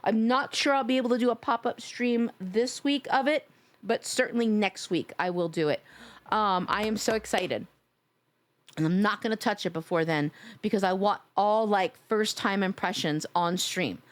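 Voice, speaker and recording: A woman's voice: on the high side, fairly bright tone. A woman live-streaming, chatting casually with her viewers, gushing and playful as she reads chat aloud.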